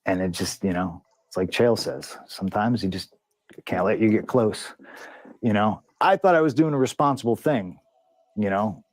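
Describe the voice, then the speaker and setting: Male interview guest, lower register, candid and cussing, narrates a dispute with quoted back-and-forth. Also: normal speed, no echo. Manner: profane, heated retelling with lots of quoted dialogue. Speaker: interview guest, pro wrestler. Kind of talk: candid storytelling in a long-form interview.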